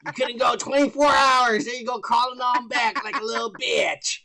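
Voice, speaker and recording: A man co-hosting a podcast in casual chat, reading out comments, crude and loud, often laughing and shouting. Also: very high voice, steady tone, moderate pace, vocal fry, background noise. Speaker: podcast co-host.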